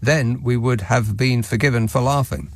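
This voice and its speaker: A man's voice: mid-range voice, moderate pace, dry recording. A man hosting a talk radio phone-in, reading listener texts with a dry, sardonic manner and frequent restarts. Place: radio studio.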